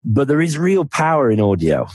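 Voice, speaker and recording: A man from the North of England, appearing as a podcast guest and working as a financial planner, chats casually in an interview, laughing easily and poking fun at himself. His medium-pitched voice swings widely in pitch, at a moderate pace with a darkish tone, in a dry recording.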